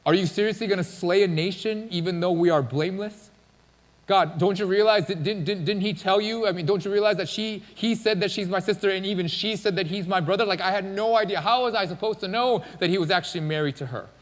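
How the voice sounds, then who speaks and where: A desperate, stammering ancient king, put on by a preacher mid-sermon, his voice pushed up high and loud as he pleads his case. The words ring out through a big reverberant hall. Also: wildly swooping pitch, normal speed, heavily acted. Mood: pleading.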